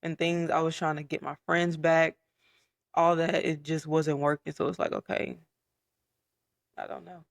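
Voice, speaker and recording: A young man telling his personal story in a casual podcast chat, candid and soft-spoken, with frequent fillers. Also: on the high side, little pitch movement, moderate pace, gravelly, no room sound, studio quality. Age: young adult. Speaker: podcast guest.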